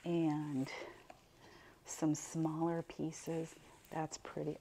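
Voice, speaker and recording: Older woman chatting slowly through an unboxing. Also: fairly low pitch, darkish tone, a little hiss or hum. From Buffalo, New York. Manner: chatty, exclaims over each item. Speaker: reseller unboxing mystery boxes. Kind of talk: casual unboxing chat to viewers.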